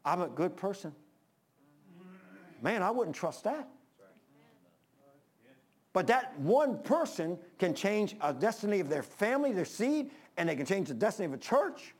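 An older man preaching a sermon to his congregation, impassioned, rising to urgent peaks and dropping low. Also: very animated, normal speed, darkish tone, slightly rough. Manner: impassioned preaching, rises then drops low. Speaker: pastor.

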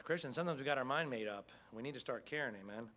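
A man's voice: medium pitch, expressive, fast talker, bright, forceful tone, a little hiss or hum. A middle-aged man preaching a sermon as pastor, in a folksy, conversational way with frequent calls of amen.

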